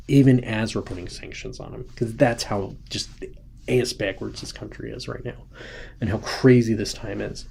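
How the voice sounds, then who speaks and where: A man's voice: mid-range voice, vocal fry, dark tone, husky. A man hosting a casual political commentary show from home, rambling and often restarting or rephrasing his points. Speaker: host. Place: home, with a sleeping child nearby.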